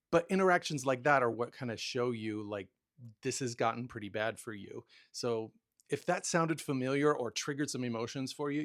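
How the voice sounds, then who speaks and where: A man's voice: mid-range voice, vocal fry. A man hosting a talk about nice-guy habits, telling personal stories in a candid, self-deprecating way with many restarts. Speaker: podcast host. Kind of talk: casual advice monologue.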